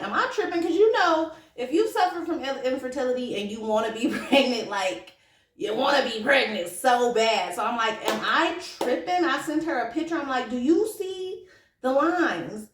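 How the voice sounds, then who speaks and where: A woman in her thirties telling a personal story to camera in a chatty, animated, slangy way that turns emotional. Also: on the high side, fairly quick, far from the mic. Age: 30s. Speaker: vlogger. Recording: roomy echo, from off the mic.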